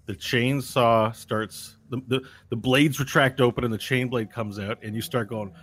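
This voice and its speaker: A man narrating as game master of a tabletop game, describing scenes in a relaxed way and correcting himself as he goes. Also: mid-range voice, moderate pace, slight background noise.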